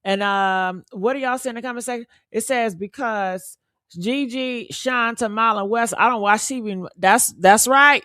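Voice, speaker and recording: Hoarse woman hosting a chatty live stream. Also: fairly high pitch, moderate pace, fairly bright tone, dry recording, clean studio sound. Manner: chatty, addresses viewers directly. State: hoarse, losing her voice. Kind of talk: casual live stream commentary.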